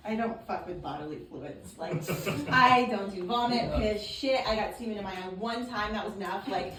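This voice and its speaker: A woman's voice: medium pitch, moderate pace, crowd noise. A woman doing a stand-up comedy set at an open mic, telling a crude story with lots of swearing. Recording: echoey room, far mic, noisy.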